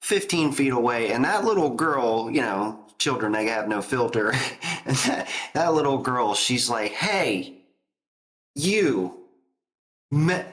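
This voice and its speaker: A man's voice: medium pitch, expressive, normal speed, fairly bright tone. A man hosting a podcast, telling stories animatedly in casual chat and laughing often. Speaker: podcast host.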